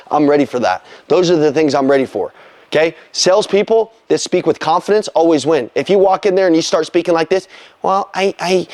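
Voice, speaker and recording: A man's voice: fairly high pitch, a little mellow, no echo. A man giving a blunt, slangy motivational talk as a sales coach, pushing hard with emphatic repetition.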